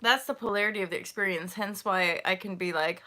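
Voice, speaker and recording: A woman's voice: mid-range voice, brisk, hardly any pauses, bright, forceful tone. A middle-aged woman talking on a livestream in a rambling, emotional way, full of fillers and swearing and swinging between laughter and tears. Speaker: host and founder of a spiritual movement. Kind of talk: casual livestream monologue.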